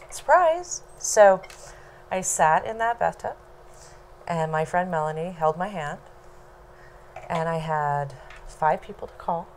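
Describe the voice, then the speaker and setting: A woman telling a personal story to a small audience at home, unhurried and low-key, with laughs between lines. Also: a little mellow.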